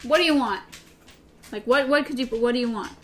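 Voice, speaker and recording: A woman's voice: on the high side, brisk, a bit bright. A woman co-hosting a casual book discussion podcast, laughing and reading passages aloud. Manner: laughing, slangy, reads quotes in a put-on voice. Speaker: podcast co-host.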